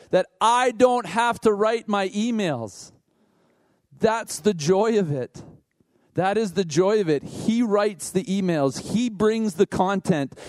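A man who is a worship leader, preaching in a conversational, animated way with asides to the congregation. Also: high-pitched, dry recording. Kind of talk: sermon.

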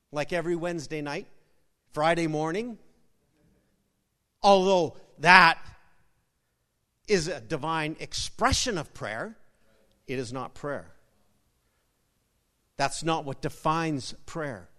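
Animated man preaching in a reverberant hall. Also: a little high, slow pace, pauses often. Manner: animated storyteller, repeats words, sudden loud bursts. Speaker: pastor. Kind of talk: sermon with jokes. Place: church sanctuary.

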